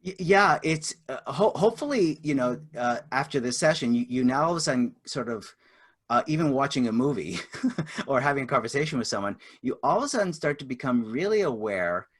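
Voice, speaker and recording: A man's voice: medium pitch, lively intonation, fairly quick, slightly rough. Chatty middle-aged man teaching a webinar. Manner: chatty, many fillers, acts out example dialogue. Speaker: webinar presenter and communications trainer.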